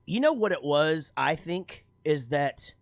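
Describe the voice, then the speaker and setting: A man hosts a relaxed podcast conversation with a voice that rises and falls widely and sits a little above the usual pitch. He swears casually and laughs a lot. The recording is close and dry. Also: measured pace, dry recording. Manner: animated, swearing, laughing, lively pitch swings. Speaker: podcast host. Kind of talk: casual chat.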